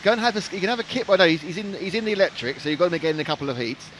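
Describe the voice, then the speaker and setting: In his fifties, this man cheerfully rambles through live commentary on a race stream, tossing in lots of jokes and asides. His fairly high voice jumps around in pitch, very fast, animated and a touch bright, with faint background noise. He comes across as chatty and jokey.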